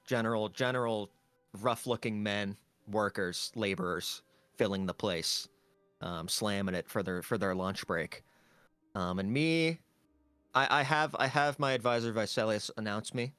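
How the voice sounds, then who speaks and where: A man's voice: fairly low pitch, unhurried, a bit bright, smooth, no room sound. A man, a tabletop game player, casually recapping a session in a rambling way with lots of fillers.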